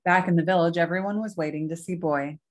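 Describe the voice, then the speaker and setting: A woman reading a picture book aloud as a church storyteller, slow and expressive, voicing the sound effects herself. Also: fairly low pitch.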